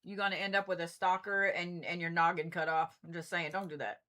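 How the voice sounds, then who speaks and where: Bright-voiced woman astrologer chatting loosely. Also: lowish voice, level tone, fairly quick. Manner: loose, joking, swears freely. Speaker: astrologer host. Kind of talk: casual livestream chat and chart reading.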